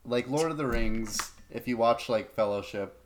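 A man's voice: mid-range voice, moderate pace, slight background noise. Wry, laid-back man guest. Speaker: podcast guest. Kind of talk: casual chat.

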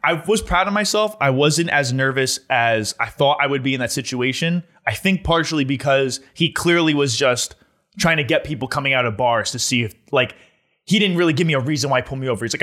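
A young man telling a story in casual chat, animated and laughing as he goes, with lots of filler words. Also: mid-range voice, fairly quick.

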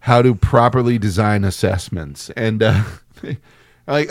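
A man's voice: on the low side, takes it slowly, no echo, studio quality. A man who works as a teacher, chatting casually on a podcast, telling rambling anecdotes with quips and swearing. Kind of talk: casual banter.

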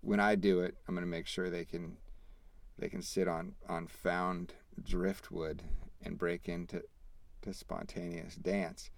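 A man in his thirties hosting a podcast, telling a family story in a rambling, animated way, acting out the quoted dialogue. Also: sits low, measured pace, gravelly, no room sound. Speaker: podcast host. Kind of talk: casual storytelling.

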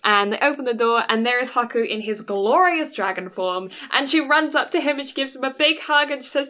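A woman co-hosting a casual podcast, retelling a film's plot in an animated way with quick quoted voices. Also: fairly high pitch. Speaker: podcast co-host. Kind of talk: casual film recap chat.

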